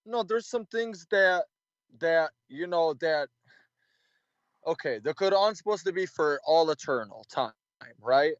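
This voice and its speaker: A man calling into a debate, answering haltingly and searching for his words. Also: fairly high pitch, animated, no room sound, highs cut off. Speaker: caller. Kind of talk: debate call.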